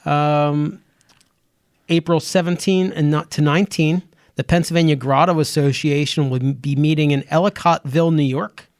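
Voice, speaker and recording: A man's voice: a little high, steady tone, moderate pace, a little mellow, dry recording. A man co-hosting a podcast in a small studio, reading out upcoming events in a loose, joking way. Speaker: podcast co-host. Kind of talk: casual chat.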